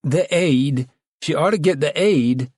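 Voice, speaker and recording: Male reader plays nosy committee woman; eager interrupter, raised pitch, dry read. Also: lively intonation, unhurried, darkish tone, breathy edge, no room sound. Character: pushy, meddling committee woman.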